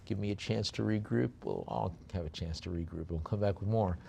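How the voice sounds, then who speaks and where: A man running a live auction. He talks through the items unhurriedly, with plenty of hesitations, then rattles off the bid amounts in a quick, rhythmic chant. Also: lowish voice, creaky, dark tone, a little hiss or hum. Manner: lot descriptions with many fillers, quick chanted bid calls.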